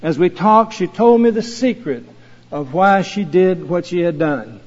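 A man preaching an earnest sermon as a pastor, slow and measured, leaning on key phrases. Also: high-pitched, lively intonation, a little mellow. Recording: dull lo-fi recording with long hall reverb.

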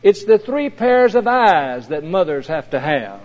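A proud, tender male Creator, as a preacher puts him on, spoken with emphatic earnestness. The voice sits high and moves slowly. It rings out in a long hall echo on a dull recording. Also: big pitch swings. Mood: earnest. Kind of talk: sermon.

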